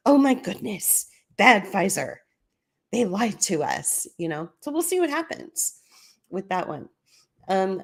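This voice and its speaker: A woman's voice: fairly low pitch, a little mellow. A woman hosting a solo commentary podcast, talking casually as she walks listeners through documents on screen. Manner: conversational, explaining documents on screen. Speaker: podcast host.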